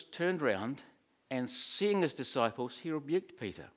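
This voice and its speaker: A man's voice: medium pitch, sing-song, unhurried. A man preaching a sermon in a conversational, storytelling way, with humorous asides.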